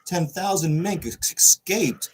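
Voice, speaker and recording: A man's voice: on the high side, expressive, slow pace, breathy edge. A man from the Pittsburgh area co-hosting a sports podcast, rambling with restarts and casual swearing as he reads the news. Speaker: podcast co-host.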